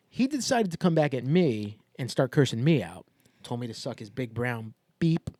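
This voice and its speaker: A man's voice: medium pitch, dry recording, studio quality. A man co-hosting a podcast, telling stories in casual chat and getting worked up about things. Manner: animated storyteller, quick to get worked up. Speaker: podcast co-host.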